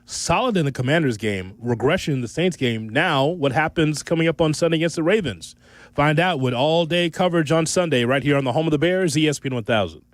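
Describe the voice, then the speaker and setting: A man's voice: on the high side, expressive, fairly quick, dry recording. A man hosting a sports radio show, joking with his co-host and giving out the call-in number.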